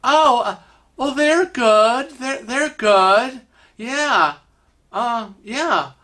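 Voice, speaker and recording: Man doing a flustered man, stammering, hesitant, slow, bright. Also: very high-pitched, expressive, voice pushed up, exaggerated voice. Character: flustered man caught off guard.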